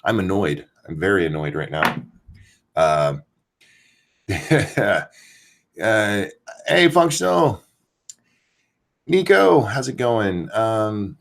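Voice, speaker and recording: A man's voice: low voice, lively intonation, slow pace, gravelly, pauses often. A man hosting a casual live stream, ranting with profanity and greeting chat viewers by name while keeping his voice down. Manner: keeps voice down so as not to wake someone. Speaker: host.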